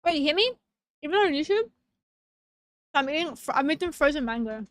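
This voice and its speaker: A woman's voice: high-pitched, animated, a little fast, dry recording, clean studio sound. A young woman streaming casually, bubbly and giggly as she greets her chat one by one.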